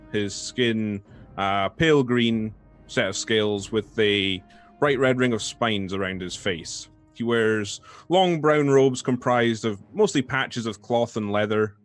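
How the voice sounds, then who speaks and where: A man with a somewhat low voice introduces his character in measured, detailed description. Faint music runs behind him. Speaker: player. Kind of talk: casual tabletop play.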